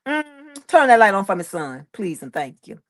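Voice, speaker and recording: A woman's voice: medium pitch, very animated, normal speed. A woman hosting a live stream in casual chat, reading viewer comments aloud and calling listeners honey, child and boo. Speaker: livestream host.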